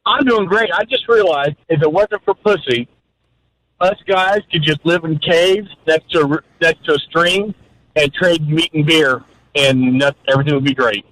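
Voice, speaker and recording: A male caller from Florida making crude jokes on a talk show. His voice sits a little high, and he speaks with easy, jokey confidence. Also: moderate pace, a bit bright, rough recording. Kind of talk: call-in chat.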